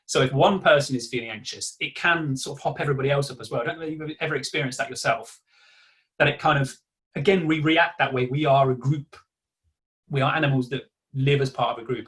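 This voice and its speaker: A man's voice: mid-range voice, fairly bright tone. A man presenting a live online workshop over a video call, talking in a conversational way and acting out examples of self-talk.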